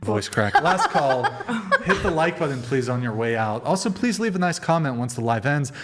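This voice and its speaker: A man hosting a livestreamed talk show with a panel of guests, wrapping up with jokes, shout-outs and playful put-on accents. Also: medium pitch, normal speed, very noisy. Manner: joking, animated, puts on silly accents. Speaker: host.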